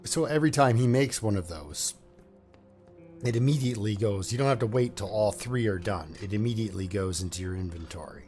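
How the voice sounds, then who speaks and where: A man's voice: lowish voice, a little fast, a little mellow, soft background music. A man giving casual let's-play commentary, thinking aloud with fillers and restarts as he plays. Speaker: gameplay commentator.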